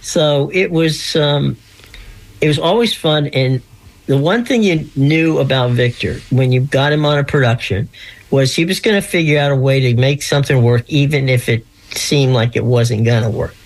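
A man's voice: medium pitch, moderate pace. A man in his sixties, originally from Pennsylvania, telling rambling stories as a guest over the phone, full of restarts and little laughs. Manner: rambling storyteller, many restarts, laughs often. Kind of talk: casual chat. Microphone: phone line.

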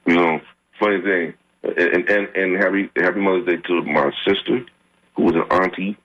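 A middle-aged man hosting a radio talk show, chatting and giving heartfelt shout-outs. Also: deep voice, steady tone, moderate pace, muffled recording. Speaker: radio host. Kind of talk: casual radio chat.

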